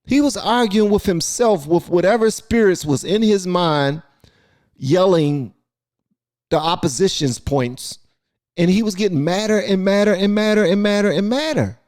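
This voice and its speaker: A man's voice: high voice, moderate pace. A man hosting a reaction video, talking casually and in disbelief about a clip. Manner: incredulous, animated.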